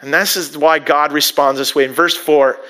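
A man's voice: on the high side, steady tone, moderate pace, pushed and bright, clear, resonant tone. A man preaching a sermon, talking conversationally and acting out little asides, with frequent restarts. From United States. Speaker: pastor.

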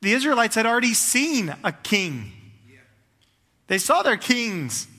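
Fervent high-voiced male preacher. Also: big pitch swings, measured pace, bright, forceful tone, long reverb tail. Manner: fervent storytelling with rising, building runs. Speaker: pastor. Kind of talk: sermon.

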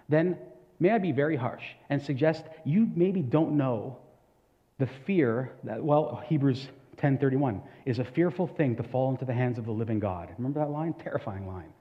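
A man preaching a sermon as pastor, earnest and conversational, with asides and questions to the congregation. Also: mid-range voice. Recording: echoey hall, dull lo-fi sound.

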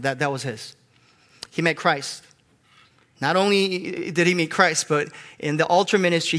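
High-voiced impassioned male preacher. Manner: impassioned preaching, swinging from loud high bursts to quiet hushed storytelling. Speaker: pastor. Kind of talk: sermon.

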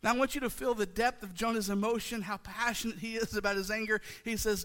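Male pastor preaching, high bright voice, rhythmic repetition, long hall reverb. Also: steady tone, fast talker, few pauses. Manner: passionate, repetitive call-and-response preaching. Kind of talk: sermon. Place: church sanctuary.

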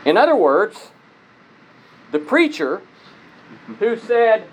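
A man's voice: fairly high pitch, moderate pace, pauses often, slight background noise, low-quality recording. A man speaking conversationally to an audience, telling personal stories and asking listeners rhetorical questions. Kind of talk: conversational lecture.

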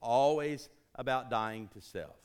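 A man preaching a sermon to his congregation, emphatic, rising to urgent peaks and dropping low, calling out for responses. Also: slow pace, a little mellow, smooth. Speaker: pastor.

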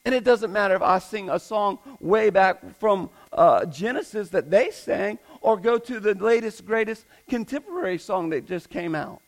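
A man's voice: sits high, lively intonation, moderate pace, few pauses, rough recording. A man preaching a sermon as pastor, emphatic, repeating his points and asking the congregation rhetorical questions.

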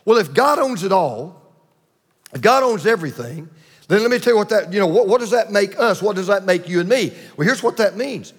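A man preaching a sermon with emphatic repetition and dramatic pauses. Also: high-pitched, expressive, husky, in a large hall. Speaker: pastor.

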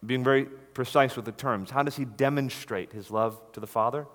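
A man's voice: mid-range voice, moderate pace. Male preacher, mid-range voice, earnest and emphatic, sermon recorded in a big reverberant church hall. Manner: earnest, emphatic, rises to stress key words. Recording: long reverb of a large hall.

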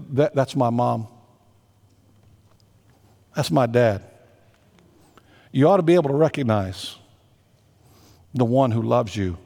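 Heard through long, hall-like reverb, a man preaches as senior pastor, his medium voice a little mellow. He's earnest and emphatic, lingering on the words he stresses.

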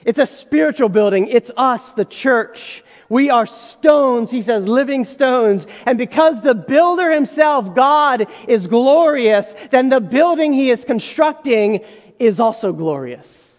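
A man's voice: very high voice, expressive, a little slow. A man preaching a sermon as pastor, talking conversationally and addressing the congregation with asides. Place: church sanctuary. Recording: long hall reverb.

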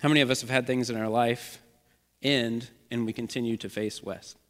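A male pastor delivering a sermon in an earnest, measured voice of middling pitch, circling back to key phrases for emphasis. His words ring out with a long reverb tail, as if recorded in a church sanctuary. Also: steady tone, a bit bright. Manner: earnest, repetitive preaching cadence.

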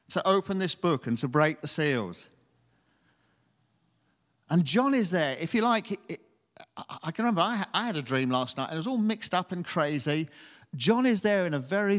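A man with a higher-than-usual voice preaches a sermon. He reads scripture aloud and then turns conversational, often asking his listeners questions. His voice rings out in a hall with long reverb. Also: a bit bright. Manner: conversational, asks the congregation tag questions.

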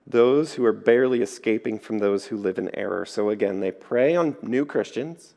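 A man preaching a sermon, telling stories in a lively way and acting out the voices in them. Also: mid-range voice. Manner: lively storytelling, acts out voices. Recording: echoey hall.

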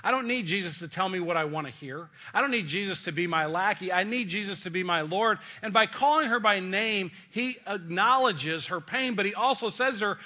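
A man's voice: high voice, brisk, hardly any pauses, bright, forceful tone. A middle-aged male pastor preaching a sermon in a folksy, joking, conversational way.

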